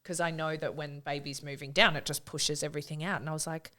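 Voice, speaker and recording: A woman's voice: low voice, quick pace. A woman, a mother of three, telling a birth story in casual chat and acting out the quotes. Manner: animated storytelling, acts out quotes.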